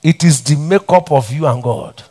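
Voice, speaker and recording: A man's voice: on the high side, normal speed, warm tone. A middle-aged Nigerian man preaching a sermon as pastor, repeating lines and tossing questions back to the congregation. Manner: preaching with call-and-response questions and repetition. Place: church hall.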